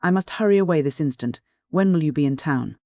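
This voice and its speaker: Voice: mid-range voice, animated, brisk, dark tone, dry recording, clean studio sound, natural voice. A narrator doing a poised young nobleman. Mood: polite. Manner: courteous, evasive, poised. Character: polite, self-possessed young nobleman.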